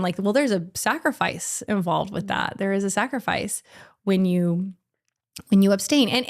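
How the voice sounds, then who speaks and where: Brief: woman, 30s, medium pitch, lively storyteller who laughs and mimics the people she quotes. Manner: animated, laughing, acts out quoted voices. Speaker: podcast guest. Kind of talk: casual storytelling.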